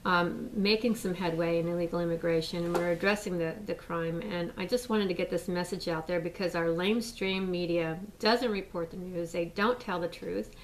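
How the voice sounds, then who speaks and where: A woman's voice: lowish voice, fairly even intonation, normal speed, few pauses, recorded from a distance, slight background noise, rough recording. An American woman, a mother, speaking out in a rambling casual statement full of fillers and restarts. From United States.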